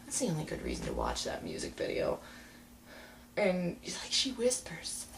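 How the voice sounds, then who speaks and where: A young woman rants to her webcam in a casual, sarcastic way. Her pitch swings widely as she jumps into mocking impressions, over a faint hiss of room noise. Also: huge pitch swings, normal speed, gravelly. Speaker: vlogger. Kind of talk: casual rant to camera.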